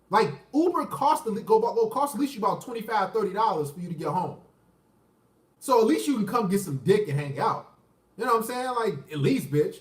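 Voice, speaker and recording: A man's voice: high-pitched, echoey room, distant mic. A man casually telling a personal story, profane and boastful, rambling with many restarts.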